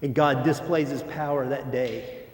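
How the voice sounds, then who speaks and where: A man's voice: medium pitch, steady tone, unhurried. A man preaching a casual sermon as a pastor, informal and joking, with lots of filler words, on a stage under hot lights. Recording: echoey hall, long reverb.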